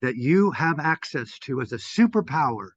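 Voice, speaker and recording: An older man speaks with fervor, his voice sitting a little high for a man and swinging from loud bursts to near-murmurs. The sound is dry and close with no room around it. The audio is dull and lo-fi, like a video call. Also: animated, moderate pace, slightly rough, dry recording. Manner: intense, profane, swings from loud to hushed. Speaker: meditation teacher. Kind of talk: impassioned talk.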